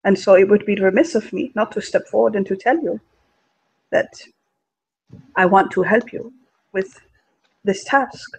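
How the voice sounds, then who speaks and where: A man playing a tabletop role-playing game, speaking in character with an earnest, halting delivery. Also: gravelly, husky, no room sound, low-quality recording. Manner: earnest, halting pitch with fillers. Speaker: player.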